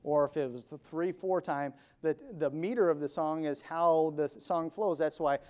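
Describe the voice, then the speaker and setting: A man's voice: fairly high pitch, steady tone, moderate pace, few pauses, a little mellow. A man preaching a sermon, emphatic, asking and answering his own questions and counting out beats. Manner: counts beats and sings snatches of songs.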